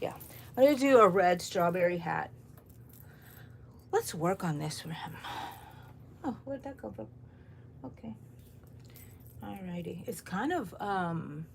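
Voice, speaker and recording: A middle-aged woman hosting a crochet livestream from her home, rambling and greeting viewers by name. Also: on the high side. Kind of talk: chatty live-stream talk to viewers. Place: home room, overcast morning.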